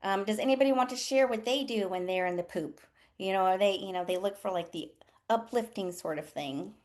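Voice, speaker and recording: A woman's voice: mid-range voice, fairly quick. A woman nurse coach hosting a casual livestream, frank and profane, laughing often as she talks. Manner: animated, voices others in quotes. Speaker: nurse coach and live session host.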